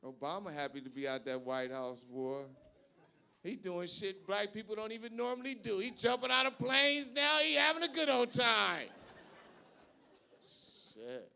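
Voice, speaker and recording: A male stand-up comedian performing live on a club stage, brash and profane, shouting his punchlines. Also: high-pitched, animated, measured pace, gravelly, smooth.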